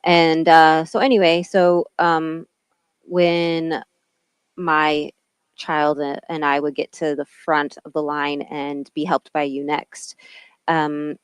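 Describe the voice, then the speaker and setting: A woman's voice: low voice, little pitch movement, slow pace, clear, resonant tone, no room sound. A woman guest in a casual podcast chat, talking in a chatty way with many fillers. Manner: chatty, filler-heavy, supportive.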